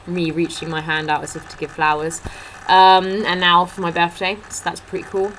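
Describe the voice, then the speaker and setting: A young woman vlogger chats casually into her laptop webcam at a table at home, telling funny stories and acting out what other people said. Her voice is fairly low with little pitch movement, a normal pace, and a fairly bright tone. The low-quality recording carries slight background noise.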